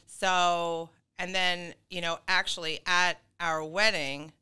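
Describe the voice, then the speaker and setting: Bright, clear-voiced chatty woman. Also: fairly low pitch, flat delivery, takes it slowly. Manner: chatty, full of fillers and laughs. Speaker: guest. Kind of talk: casual podcast conversation.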